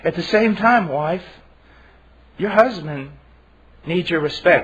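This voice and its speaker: A man preaching a sermon in an earnest, emphatic way, with halting restarts. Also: high voice, expressive, a bit bright, husky. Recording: dull lo-fi recording.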